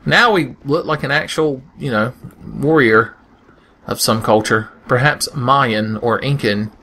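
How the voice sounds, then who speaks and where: A man's voice: mid-range voice, unhurried, sharp tone, slight background noise. A young man giving casual, joking gameplay commentary with crude humor, often slipping into silly voices. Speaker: let's play host.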